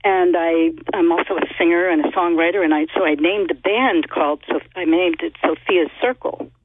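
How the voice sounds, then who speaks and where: A woman's voice: fairly low pitch, moderate pace, slight background noise. A woman calling in to a talk radio show from Northern California, eager and chatty, laughing between points, heard over a tinny phone line. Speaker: caller.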